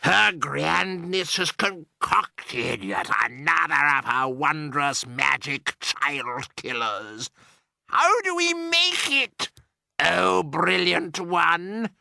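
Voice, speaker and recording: A man's voice: sits high, very animated, extremely slow, vocal fry, few pauses, pushed and bright, no room sound, studio quality, voice pushed up, exaggerated voice. A man voicing a fawning chorus of female witches in an audiobook, chanting praise to their leader. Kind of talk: audiobook character voice.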